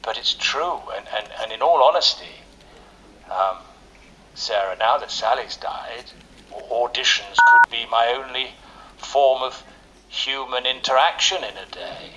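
A stammery old actor, bright edgy voice, fussy and earnest, keeps tripping on his words. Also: medium pitch, unhurried, highs cut off, a little hiss or hum. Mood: hesitant. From London. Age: older. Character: aging male actor, shy, old-fashioned, lonely. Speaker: aging actor at an audition. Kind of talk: radio comedy acting.

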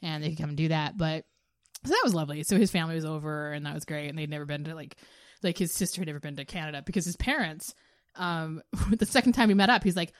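A woman's voice: low-pitched, quick pace, dry recording. A woman in her thirties telling stories in casual chat as a podcast co-host, laughing often and acting out quotes. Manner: chatty storyteller, laughs often, acts out quotes.

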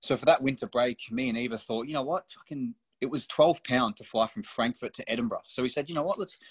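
A man's voice: mid-range voice, fast talker, slightly rough, no room sound. A young man from Australia, a guest on a podcast, telling stories in loose, blunt, swearing chat. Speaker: podcast guest, professional footballer. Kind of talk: casual storytelling chat.

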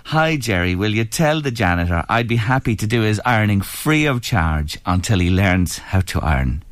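A man's voice: fairly low pitch, expressive, normal speed, no room sound. A man hosting a casual radio show in a studio, chatty and sentimental, telling stories to listeners.

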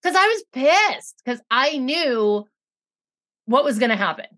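Middle-aged woman, casual co-host, lively storyteller who curses a lot. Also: high voice, measured pace. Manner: animated storytelling, swears freely. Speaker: podcast co-host. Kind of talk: casual rewatch chat.

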